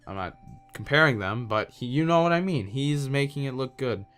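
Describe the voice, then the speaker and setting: A man's voice: mid-range voice, expressive, moderate pace, fairly bright tone, clean tone, soft background music. A man hosting his own podcast, ranting in an exasperated, casual, slangy way. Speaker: podcast host. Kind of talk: solo wrestling podcast rant.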